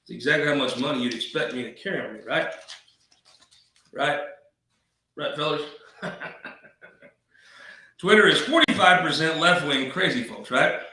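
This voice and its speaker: Guy doing political commentary, bright sharp voice, kinda far off in a real echoey room. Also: on the high side, normal speed, long pauses, a little hiss or hum. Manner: folksy, wisecracking, rambling asides. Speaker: political talk show host.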